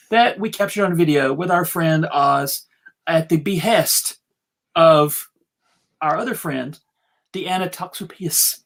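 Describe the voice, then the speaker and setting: A man hosting a casual livestream chat, halting with many restarts and laughs. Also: high-pitched, fairly bright tone. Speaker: podcast host.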